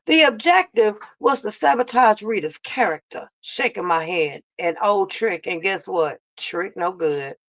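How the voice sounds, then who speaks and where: A woman's voice: medium pitch, expressive, measured pace, few pauses, a bit bright, dry recording, highs cut off. A woman hosting a casual live reaction stream, drawling and sassy, calling her chat baby and love. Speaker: reaction channel host.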